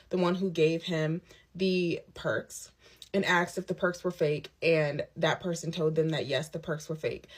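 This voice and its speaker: A woman telling her own story in a casual storytime monologue, candid and emphatic, with quick asides. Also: fairly low pitch. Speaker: storyteller recounting a personal ordeal. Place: lives on a military base abroad.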